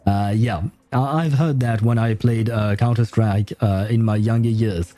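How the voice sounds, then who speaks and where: A man's voice: on the low side, measured pace, dark tone. A young man, chatting casually to his stream audience while he plays. He is hesitant, with lots of filler sounds and chuckles. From France. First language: French. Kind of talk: casual gameplay commentary.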